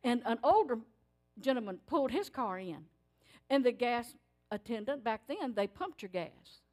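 An older woman giving a sermon in church, telling stories in an animated, emphatic way. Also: on the high side, normal speed, soft background music. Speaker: church speaker. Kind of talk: sermon testimony.

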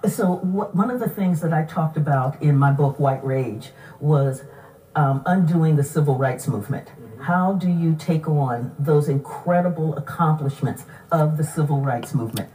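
A woman author explaining history in a measured, thoughtful, lecture-like way. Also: low voice, dark tone, a little hiss or hum. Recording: distant, dull-sounding clip.

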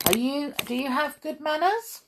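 A woman reading a children's story aloud in a gentle, chatty way, asking the listener questions. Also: high-pitched, animated, normal speed, noisy background.

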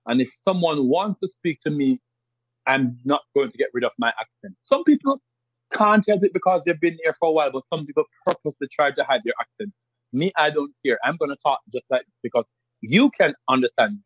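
A man from Jamaica with a strong Jamaican accent, a podcast guest speaking in emphatic, animated conversation and often repeating himself. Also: a little high, moderate pace, breathy edge, no room sound, highs cut off. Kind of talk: casual conversation.

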